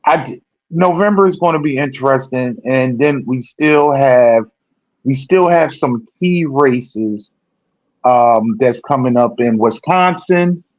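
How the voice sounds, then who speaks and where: A man co-hosting a political talk show, rambling in casual discussion and correcting himself often, growing animated when he makes a point. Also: medium pitch, takes it slowly, no echo. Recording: dull lo-fi sound.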